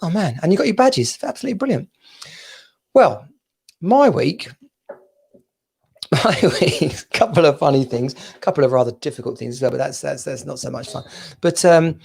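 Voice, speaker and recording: A man's voice: on the high side, expressive, fast, gravelly, a little mellow, husky. A man co-hosting a podcast in casual chat, rambling and repeating words, with frequent laughs, over a video call. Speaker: podcast co-host.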